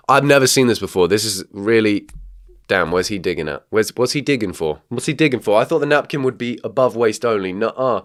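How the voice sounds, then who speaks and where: A young man doing comedic reaction commentary, jokey and animated, laughing often and squealing at gross moments. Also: medium pitch, brisk. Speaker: commentary YouTuber reacting to clips.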